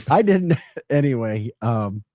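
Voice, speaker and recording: A man's voice: medium pitch, takes it slowly, dry recording, clean studio sound. Chatty St. Louis-accented radio host man. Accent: St. Louis Midwestern. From St. Louis, Missouri. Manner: chatty, joking, animated asides. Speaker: morning show host. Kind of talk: casual radio show banter.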